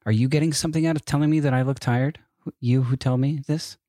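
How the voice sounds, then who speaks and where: A man's voice: medium pitch, fairly even intonation, quick pace, warm tone, no echo, clean studio sound. A man co-hosting a podcast from bed at home, rambling through exasperated rhetorical questions. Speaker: podcast co-host. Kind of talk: casual chat.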